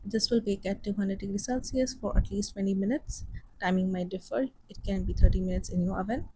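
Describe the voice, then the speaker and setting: A young woman calmly explaining her baking step by step in a cooking tutorial voice-over, encouraging beginners. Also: medium pitch, fairly quick, breathy edge, low-quality recording. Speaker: home baker.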